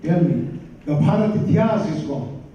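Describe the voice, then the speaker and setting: Man in his 60s from Fiji, emphatic rousing comment, high voice, echoey distant hall sound. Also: lively intonation, normal speed, warm tone. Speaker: audience member giving a comment. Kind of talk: impassioned conference floor speech. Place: large conference hall. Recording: echoey hall, far from mic, dull.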